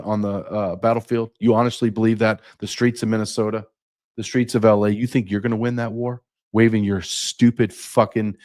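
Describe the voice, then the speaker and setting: Middle-aged guy with a really deep voice going off on an angry rant, swearing, firing off questions. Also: darkish tone. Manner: angry, ranting, profane, rhetorical questions. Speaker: podcast host. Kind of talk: impassioned monologue.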